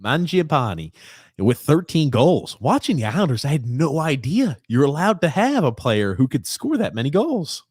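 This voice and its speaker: A man's voice: on the high side, big pitch swings, normal speed, hardly any pauses, darkish tone, slightly rough, no echo, clean studio sound. A man co-hosting a live hockey watchalong podcast, with a New York accent, teasing his co-host and reading viewer comments aloud. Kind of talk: live game watchalong chat.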